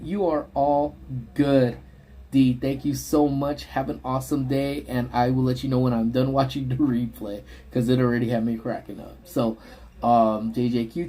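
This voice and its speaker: A man hosting a livestream from his parked car, casually telling a story to his chat and acting out the people in it with high yelps. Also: slightly rough. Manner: animated, voices quoted people in high yelps. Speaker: livestream host.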